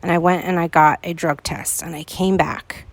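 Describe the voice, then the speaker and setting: Earnest low-voiced woman telling her story. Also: fairly even intonation, moderate pace, creaky, no echo. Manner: earnest, pleading when recalling her own words. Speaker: podcast host. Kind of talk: personal storytelling to listeners.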